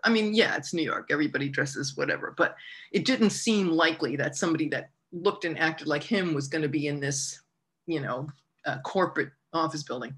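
A woman telling a personal story in a casual, animated way, full of "like" and restarts. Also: deep voice. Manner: laughs through the telling.

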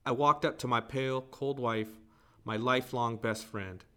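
A man hosting a faith podcast, reading a poem and a book excerpt aloud in a measured, reflective way, then asking his guest questions. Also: mid-range voice, fairly even intonation, a bit bright, clean tone. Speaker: podcast host.

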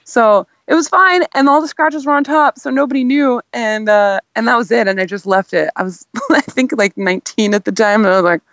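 A woman's voice: on the high side, brisk, few pauses, fairly bright tone, dry recording, dull audio. A young adult woman, a radio guest, telling a story in casual chat with lots of laughter.

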